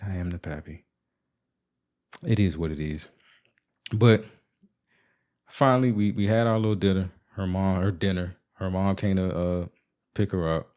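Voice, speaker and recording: A man hosting his own podcast, venting in a casual solo monologue and telling stories in a blunt, profane and animated way. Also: low-pitched, moderate pace, long pauses, clear, resonant tone. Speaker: podcast host.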